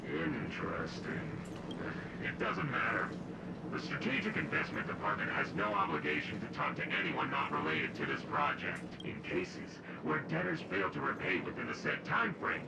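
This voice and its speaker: A man's voice: medium pitch, vocal fry, roomy sound, very noisy. An actor playing a smug, officious male corporate enforcer in a video game.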